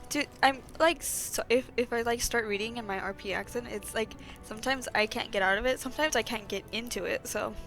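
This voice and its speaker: A woman giving casual, excitable commentary as she plays a game, chatty and full of fillers. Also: fairly high pitch, fairly quick, few pauses. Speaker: let's play streamer. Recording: faint game music behind.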